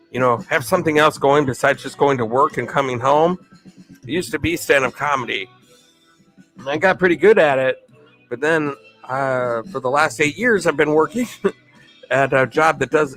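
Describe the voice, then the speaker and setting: A man's voice: on the high side, fairly bright tone. A man hosting a live stream, chatting in an upbeat way and thanking viewers. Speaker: livestream host.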